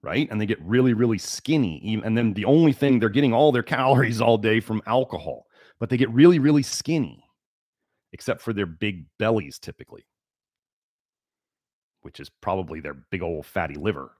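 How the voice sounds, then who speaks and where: A man's voice: on the low side, expressive, moderate pace, darkish tone, no echo, studio quality. A man hosting a health livestream, lecturing emphatically and repeating key words for stress. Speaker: livestream host.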